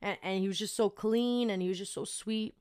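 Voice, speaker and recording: A young woman tells a personal story on her podcast in a loose, chatty way. Her voice sits at a middle pitch, and she fills her talk with casual fillers as she goes. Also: a little fast, clean tone. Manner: chatty and animated, many fillers. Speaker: podcast host.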